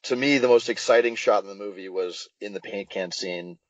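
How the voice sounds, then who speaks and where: A man talks through his filmmaking choices in a podcast interview, full of fillers and quick restarts. The sound is dry and close, a little dull and lo-fi. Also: fairly low pitch, no echo. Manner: animated storyteller, many fillers and restarts. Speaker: film director guest.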